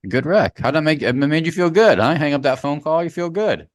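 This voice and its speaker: A man's voice: a little high, animated, a little fast, dry recording. A man co-hosting a podcast in casual chat, riffing loosely with slang and the odd swear word. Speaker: podcast co-host.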